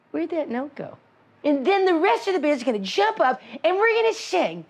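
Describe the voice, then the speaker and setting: A woman comedian tells a bawdy joke in a brassy, theatrical showbiz manner. Her voice is high and swoops up and down with lively inflection. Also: normal speed. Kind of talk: telling a joke in character.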